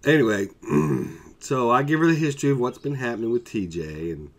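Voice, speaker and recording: Animated man telling a story. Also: mid-range voice, moderate pace. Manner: animated, exasperated humor. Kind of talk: casual anecdote.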